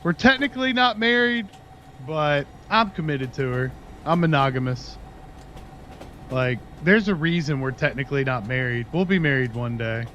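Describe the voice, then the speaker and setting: Man, livestreamer, casual rambling chat, higher voice, muffled lo-fi mic, light background hiss. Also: moderate pace, fairly bright tone. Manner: rambling storytelling, talks to his dog between stories. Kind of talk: casual chat with stream viewers.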